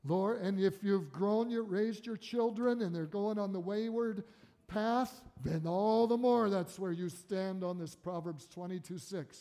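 A male pastor preaching and praying to his congregation in an earnest sermon style, swelling to emphatic peaks and dropping low. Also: measured pace, warm tone. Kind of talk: sermon with prayer. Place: church sanctuary. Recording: long reverb of a church hall.

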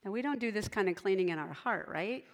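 A woman leading a children's sermon, gently asking the children questions and talking to them directly. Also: medium pitch, expressive, fast. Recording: long hall reverb.

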